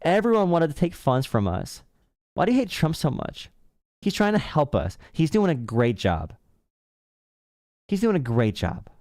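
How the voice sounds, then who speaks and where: A man's voice: fairly high pitch, big pitch swings, normal speed, pauses often, a little mellow, dry recording, studio quality, voice pushed up. A man putting on a whiny, exaggerated voice to mock a male caller. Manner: sarcastic, whiny mimicry. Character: man mocking a pro-Trump caller, whiny and shrill.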